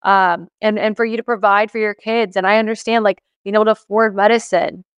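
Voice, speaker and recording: Casual woman host, emphatic and encouraging, swears freely, mid pitch, smooth dry sound. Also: fairly even intonation, brisk, dry recording, lo-fi sound. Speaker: podcast host and coach.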